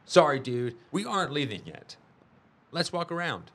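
A man's voice: a little high, very animated, moderate pace, fairly bright tone, pitched above the performer's own voice, exaggerated voice. A man reading a storybook, voicing a laid-back teenage older brother who talks casually and teasingly. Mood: breezy.

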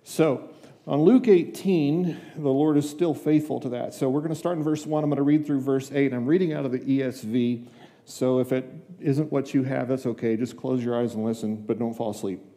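Folksy older man preaching, mellow voice. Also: mid-range voice, fairly even intonation, moderate pace, long reverb tail. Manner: folksy and chatty, acts out dialogue with asides. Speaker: guest preacher, district superintendent. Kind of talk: conversational sermon. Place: church sanctuary.

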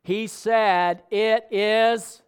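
A man's voice: sits high, fairly even intonation, very slow, clean tone. A man preaching a sermon in a conversational way, often asking the congregation questions. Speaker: pastor.

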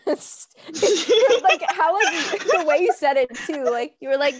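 A young American woman co-hosting a casual chat, giggly and animated, full of fillers. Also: extremely high pitch, measured pace, no echo. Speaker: podcast co-host.

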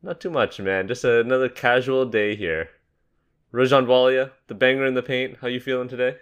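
A young man hosting a casual sports podcast, upbeat and joking, quick to laugh. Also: medium pitch, fairly even intonation, clear, resonant tone. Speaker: podcast host. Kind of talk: casual basketball podcast chat.

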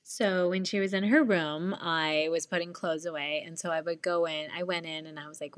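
A woman's voice: fairly low pitch, steady tone, quick pace, hardly any pauses. A woman in her thirties casually telling a story about her kids in a chatty vlog, laughing often. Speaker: mom vlogger. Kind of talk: casual chat.

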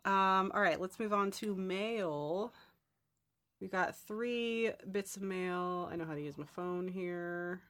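A woman's voice: medium pitch, slow pace, a bit bright. A woman hosting a casual podcast chat, reading out listener mail with giggly, self-deprecating asides.

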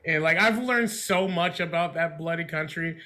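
A man's voice: a little high, normal speed, sharp tone. A man in his thirties co-hosting a podcast, rambling and laughing through the banter. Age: 30s. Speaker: podcast co-host.

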